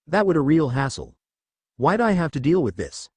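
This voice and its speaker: A calm, dry-voiced teenage genius who sounds bored by everything, as a male narrator puts him on. His speech is unhurried but rises and falls a lot. The sound is close and dry. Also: a little high, slightly rough, no room sound. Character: lazy, sharp-minded teenage boy strategist.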